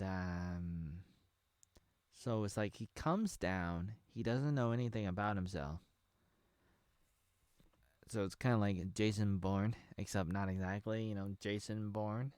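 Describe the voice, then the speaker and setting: A man's voice: on the low side, darkish tone, clean tone, no echo. A man in his thirties from Oregon, rambling and joking with many ums and likes as he talks casually about a TV episode. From Oregon, USA. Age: 30s. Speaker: video creator reviewing a TV episode. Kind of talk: casual off-the-cuff commentary.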